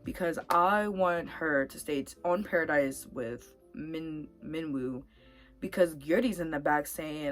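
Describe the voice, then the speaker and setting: Low-voiced woman vlogger, chatty and animated. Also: unhurried, faint music behind. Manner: animated, talks herself into getting worked up. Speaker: vlogger reacting to a reality dating show. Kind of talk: casual chat.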